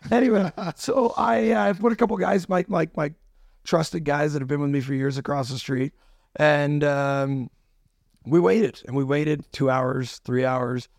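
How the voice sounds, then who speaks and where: A man telling a long story in casual chat, animated and laughing, often restarting his sentences. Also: on the high side, measured pace, gravelly, no room sound, clean studio sound. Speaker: podcast guest, restaurant owner. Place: studio.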